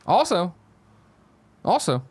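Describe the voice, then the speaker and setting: A man in casual podcast chat, recapping a film in a fast, profane, jokey way and slipping into silly voices for the characters. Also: high-pitched, sing-song, slightly rough. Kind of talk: casual chat, rapid recap with acted-out quotes.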